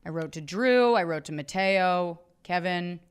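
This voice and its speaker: A woman co-hosting a podcast, joking and swearing casually as she pitches comedy sketch ideas. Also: unhurried, clean tone. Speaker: podcast co-host. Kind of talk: casual chat.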